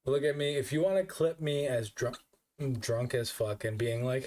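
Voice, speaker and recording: A man's voice: mid-range voice, normal speed, darkish tone, a little hiss or hum. A man streaming as a VTuber, drunk and hiccuping, talking in a rambling, profane, self-mocking way. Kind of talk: casual live-stream chat.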